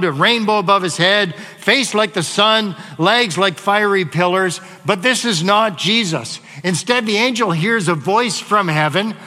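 A man's voice: high-pitched, sharp tone, long reverb tail. A man preaching a sermon as pastor, reading scripture aloud and then explaining it in a conversational teaching manner. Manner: conversational teaching with fillers and asides.

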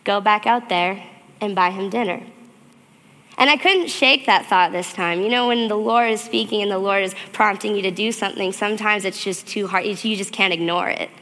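Gravelly, bright-voiced woman telling her testimony. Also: mid-range voice, fairly quick, hardly any pauses. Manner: earnest, animated storytelling. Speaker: church speaker. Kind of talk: personal testimony sermon. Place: church hall. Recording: long reverb of a church hall.

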